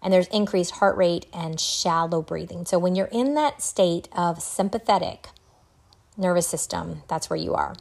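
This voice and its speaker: Give me a woman with a low, fry-edged voice talking earnestly through a solo podcast. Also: very animated, normal speed. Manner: earnest, reflective, laughs softly now and then. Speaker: podcast host. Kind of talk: solo podcast talk on wellbeing.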